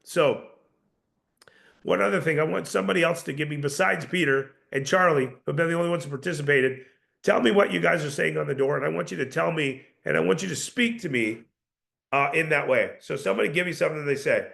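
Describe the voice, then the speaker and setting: A man leading a live sales training, coaching with lots of rhetorical questions and energetic restarts. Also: on the high side, brisk, vocal fry.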